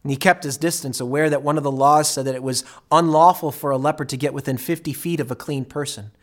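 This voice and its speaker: A man preaching as pastor, retelling a story with vivid dramatic delivery and sudden swings from quiet to loud. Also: fairly high pitch, fairly even intonation, fast talker. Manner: dramatic storytelling, acting out voices with big swings in loudness. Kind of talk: sermon.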